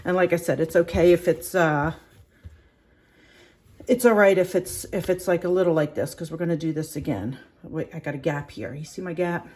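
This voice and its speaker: A woman with a somewhat low voice talks casually through a home baking demonstration. She rambles, restarts and fills gaps with "um" and "like." Her voice is a little shaky from working the dough with her hands. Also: moderate pace, a little mellow. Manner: chatty, rambling with many fillers and restarts. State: voice shaky from kneading.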